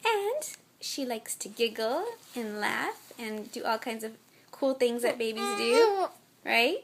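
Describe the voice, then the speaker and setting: A young woman and mother chatting casually to camera, telling stories in an exasperated, animated way. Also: fairly high pitch, slow pace, vocal fry, a little hiss or hum. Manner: chatty, exasperated storytelling with mock-quoted voices. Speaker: mother vlogging.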